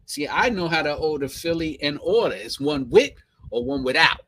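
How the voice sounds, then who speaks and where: Brooklyn guy hosting a livestream, kinda high voice, slangy and animated. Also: normal speed, rough recording. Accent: Brooklyn, New York. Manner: slangy, animated, laughs often. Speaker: live stream host. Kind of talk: casual live-stream chat reading viewer comments.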